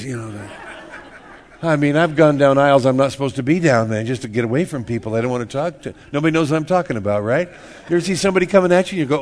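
A pastor preaches a sermon in church at a quick pace, his voice in the mid range. He's folksy and joking, repeating words and acting out small everyday scenes.

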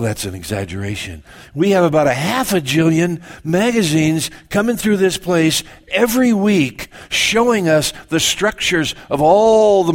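An older man, a pastor, preaching a sermon with lively asides and quick self-corrections. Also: high-pitched.

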